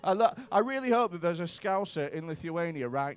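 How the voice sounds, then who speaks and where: A man's voice: fairly high pitch, expressive, fairly quick, noisy background. A male stand-up comedian in a comedy club, doing profane, bantering crowd work with mock outrage.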